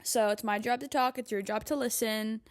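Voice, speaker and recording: A woman's voice: fairly high pitch, steady tone, normal speed. A woman in her twenties talking casually to her audience as a podcast host, chatty and emphatic, with lots of "like" fillers. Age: 20s. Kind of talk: casual monologue.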